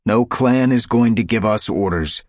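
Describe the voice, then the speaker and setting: A man's voice: deep voice, moderate pace, no room sound. A man voicing a burdened male cat clan leader who speaks firmly with a growl in a storybook reading. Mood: stern. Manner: growling, firm.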